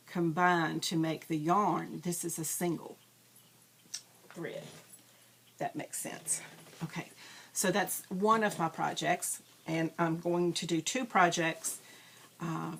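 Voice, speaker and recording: Slow-talking woman chatting about yarn. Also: on the low side, gravelly. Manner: chatty, rambling, self-deprecating, frequent ums. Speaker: crafting videocast host. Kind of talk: casual show-and-tell chat.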